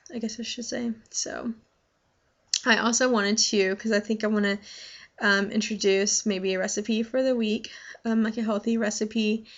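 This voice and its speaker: A young adult woman talking casually to her vlog audience, rambling with many fillers and restarts. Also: mid-range voice. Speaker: vlogger. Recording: dull lo-fi sound.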